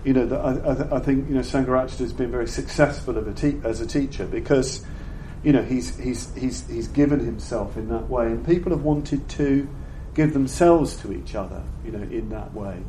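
Older man giving a halting dharma talk in an echoey room. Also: medium pitch, mellow. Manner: halting and thoughtful, often repeating words as he searches for phrasing. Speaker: Buddhist teacher giving a talk. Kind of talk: reflective dharma talk to an audience. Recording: roomy echo with faint background noise.

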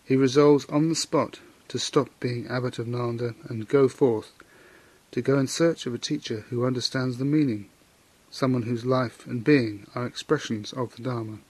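A man at a middle pitch gives a Buddhist teaching and retells an old legend, pausing to comment on its lesson. His voice sits close and dry, with no room sound around it. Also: steady tone, a little mellow, husky, no room sound. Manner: measured storytelling with moral comment. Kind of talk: Dharma talk retelling a legend.

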